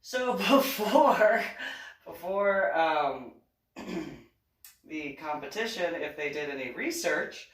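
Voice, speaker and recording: A woman's voice: fairly low pitch, animated, slow. Woman, East Coast American accent, casual storyteller who laughs often and mimics others; distant mic, reverberant room. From East Coast of the United States. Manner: chatty, laughs often, acts out quoted voices. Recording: echoey room, set back from the mic.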